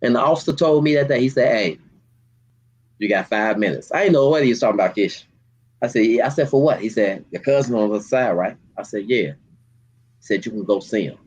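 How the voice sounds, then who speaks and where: A man, a community activist, speaking with deep emotion and street slang in an interview, near tears. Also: a little fast, darkish tone, breathy edge, low-quality recording. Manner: heartfelt, storytelling, street slang. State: holding back tears.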